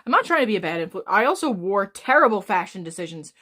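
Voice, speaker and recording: A woman in her twenties chatting casually on a live stream, rambling and swearing freely as she talks fast. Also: mid-range voice, very animated, sharp tone. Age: 20s. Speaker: livestreamer.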